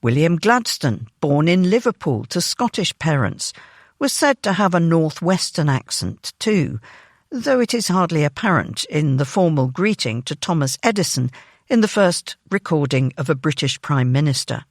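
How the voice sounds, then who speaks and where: A narrator reading a written news feature aloud in a measured, even way, recorded on a close studio microphone. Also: mid-range voice, no room sound.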